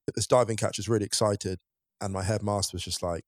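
A man telling his own story on a podcast, candid and emphatic as he talks. He speaks quickly in a lowish voice, and the sound is dry and close. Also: steady tone, dry recording. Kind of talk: casual chat.

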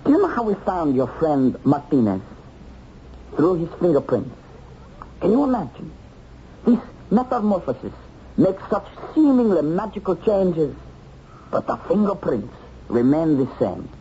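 Brief: a taunting, chuckling pursuer, lively pitch, dark tone, dull vintage TV track. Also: male voice, measured pace, long pauses. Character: male hunter of a war criminal, mocking then torn. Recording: dull old TV soundtrack, some noise.

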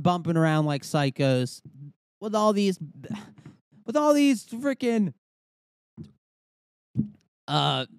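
A young podcast host rants in a loose, comedic way, swearing freely and drifting into asides. His voice sits a little high for a man and swings widely in pitch. The recording is close and dry. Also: no room sound. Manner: animated, swearing, rambling with frequent asides. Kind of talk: casual comedic rant.

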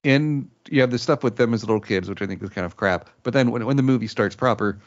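A man's voice: mid-range voice, fast talker, highs cut off. A man chatting casually as a podcast co-host, critical and hesitant, with many fillers. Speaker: podcast co-host, film reviewer. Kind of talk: casual chat.

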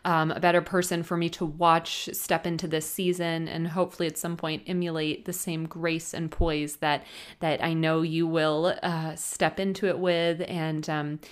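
A woman's voice: deep voice, little pitch movement, normal speed. A young woman hosting her own podcast, chatting casually and gushing with emotion, close to tears. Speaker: podcast host. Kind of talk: casual solo podcast chat.

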